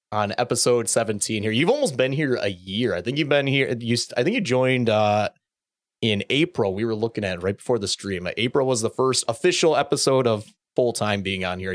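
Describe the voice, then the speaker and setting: A man's voice: medium pitch, no echo, clean studio sound. A man hosting a casual gaming podcast, rambling and hesitant, often restarting words and laughing. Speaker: podcast host.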